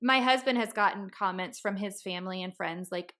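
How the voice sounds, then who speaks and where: A woman's voice: mid-range voice, normal speed, hardly any pauses, a bit bright. A woman in her thirties hosting a podcast, telling a story in a casual, chatty way and acting out what people said. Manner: chatty storytelling, acts out quoted dialogue. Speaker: podcast host.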